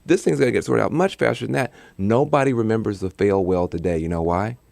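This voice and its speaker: A man's voice: on the low side, fast, gravelly, darkish tone, no room sound. A man talking as a guest in a studio interview, passionate and emphatic, repeating his points for effect. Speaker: political commentator guest. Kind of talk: studio talk-show interview. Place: radio studio.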